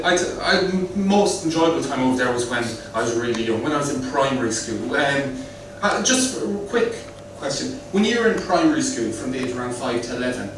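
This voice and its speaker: A man's voice: medium pitch, background noise. A man from the west of Ireland with an Irish accent, doing a chatty, rambling stand-up set and quizzing the crowd. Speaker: stand-up comedian. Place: comedy club. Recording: echoey club from far off.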